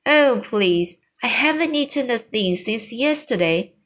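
A woman voicing an eager, polite little girl, read slowly from a storybook. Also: mid-range voice.

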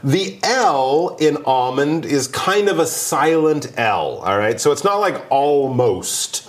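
A man's voice: a little high, very animated, measured pace. A man co-hosting an English lesson, explaining vocabulary in a chatty way with joking asides. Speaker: co-host English teacher.

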